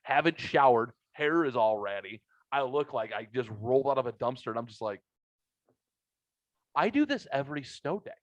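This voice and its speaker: A middle-aged man hosting a podcast, telling a story in a casual, profane and animated way. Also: medium pitch, moderate pace, dry recording. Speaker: podcast host. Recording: dull lo-fi audio.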